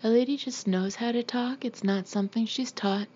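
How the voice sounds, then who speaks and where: A prim, genteel mother lectures on how a lady behaves, her voice lifting slightly. A woman reads her in a mellow tone, with a slightly dull sound. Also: on the high side, moderate pace, voice pushed up, close to an everyday voice. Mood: lecturing. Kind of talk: audiobook character reading.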